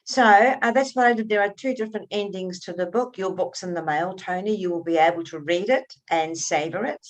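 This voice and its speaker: A woman author being interviewed, telling her stories in an animated, expressive way and often restarting her sentences. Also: mid-range voice, a little fast, few pauses. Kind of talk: conversational interview.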